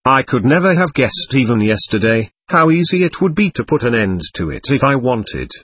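A man's voice: mid-range voice, big pitch swings, normal speed, a bit bright, husky, dry recording. A man reading a bitter, irritable young man in an audiobook, speaking in a sardonic, snapping way. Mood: bitterly elated. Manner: sardonic, snapping, self-mocking.

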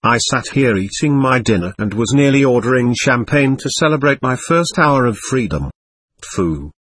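Bitter, restless young man, snapping and sardonic, read by a male narrator, husky tone. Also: mid-range voice, animated, moderate pace, fairly bright tone. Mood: bitterly elated. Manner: sardonic, snapping, self-mocking. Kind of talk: audiobook character reading.

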